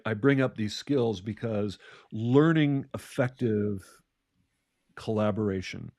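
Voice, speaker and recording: A man co-hosting a leadership podcast, telling a story in a relaxed talking way, often restarting and repeating words. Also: fairly low pitch, dry recording, studio quality. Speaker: podcast co-host, leadership coach. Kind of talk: conversational podcast talk.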